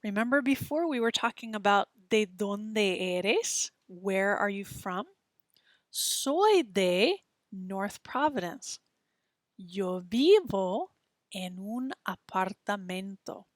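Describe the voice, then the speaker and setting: A woman's voice: mid-range voice, animated, takes it slowly, no echo, clean studio sound. A woman teaching a beginner Spanish lesson, patiently modeling sounds for students to repeat. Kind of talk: slow, clear textbook lesson.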